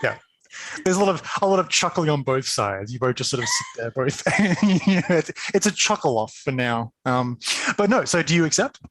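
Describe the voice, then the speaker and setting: A man's voice: a little high, lively intonation, normal speed, fairly bright tone, no room sound. A man narrating a tabletop role-playing game as game master, chatty and laughing, with many fillers.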